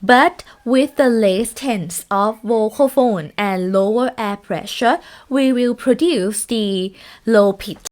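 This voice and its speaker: Woman giving a lecture, slow, kinda high voice, lots of ums and restarts. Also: a little mellow. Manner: halting, many fillers and restarts. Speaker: teacher.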